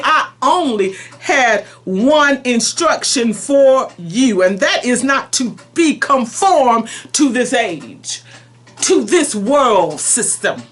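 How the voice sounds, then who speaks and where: A woman preacher delivering a prophetic message spoken in God's voice, pleading and emphatic, shifting between soft and forceful. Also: on the high side, big pitch swings, slow.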